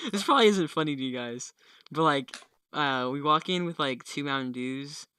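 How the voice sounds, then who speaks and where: A teenage boy co-hosting a casual podcast, excitable and laughing between words. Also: a little high, measured pace, clean tone, no echo. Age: teens. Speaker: podcast co-host. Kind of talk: casual chat.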